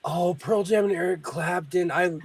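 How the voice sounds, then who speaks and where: A man hosting a casual sewing chat, animated, breaking into song, who mentions a speech impediment. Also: sits high, moderate pace, a crowd in the background. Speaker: host.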